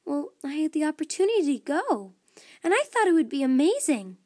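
A woman doing an excitable young cat astronaut. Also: high-pitched, fairly quick, pitched above the performer's own voice. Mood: earnest. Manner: bright, excited. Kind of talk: storybook reading.

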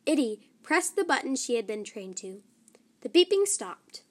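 A woman reading a children's story aloud, soft and often close to a whisper. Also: a little high, big pitch swings, normal speed.

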